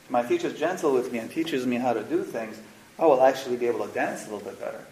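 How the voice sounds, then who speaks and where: A man's voice: mid-range voice, fast. A man leading a spiritual workshop, talking frankly and casually, with slang and the odd curse word. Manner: frank, animated, mixes slang and swearing. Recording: roomy echo, faint noise.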